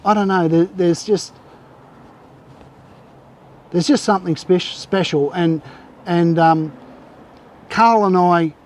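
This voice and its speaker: A man's voice: high voice, slow pace, long pauses. Rambling man telling fishing stories. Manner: rambling, with many restarts and fillers. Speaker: guest angler. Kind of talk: casual storytelling on a live show.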